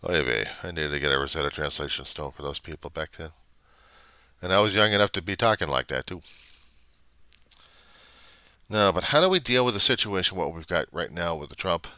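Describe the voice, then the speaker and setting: A man's voice: sits low, lively intonation, brisk, pauses often, sharp tone, clear, resonant tone, no echo. An older man, a reverend, ranting in a rambling, indignant way and swearing often. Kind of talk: casual rant on camera.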